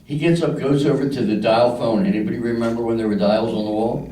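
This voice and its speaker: A man's voice: mid-range voice, steady tone, fast talker, warm tone, roomy sound, far from the mic, a little hiss or hum, low-quality recording. An older man from Philadelphia doing a crude stand-up routine, acting out the people in his stories. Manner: crude storytelling with voices for characters. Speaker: stand-up comedian. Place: club stage.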